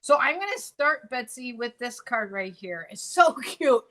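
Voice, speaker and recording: A woman's voice: on the high side, very animated, a little slow, a bit bright, rough recording. A woman co-hosting a casual craft tutorial, bubbly and chatty, often repeating her words as she works. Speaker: craft demonstrator and co-host.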